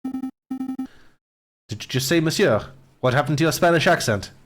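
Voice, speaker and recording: A man's voice: fairly high pitch, huge pitch swings, a little slow, soft background music. A man reading a game aloud and voicing a curious young male bird assistant who keeps asking questions. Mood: puzzled.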